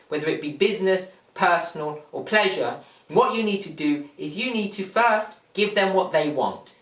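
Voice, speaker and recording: A motivational speaker explaining a point plainly and emphatically, retelling a fable with lots of repetition. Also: mid-range voice. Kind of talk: motivational talk with a retold fable. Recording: echoey room, mic far off.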